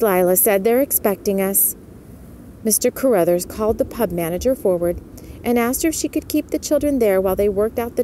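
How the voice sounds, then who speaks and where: Soft-voiced woman, whispered role-play storyteller. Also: slight background noise. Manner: soft storybook narration, raising pitch for female characters.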